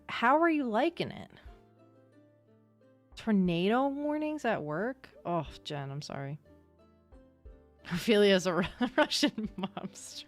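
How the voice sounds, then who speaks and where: A young woman livestreamer chatting casually and excitably with her viewers, swearing now and then. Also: medium pitch. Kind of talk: casual chat with live chat.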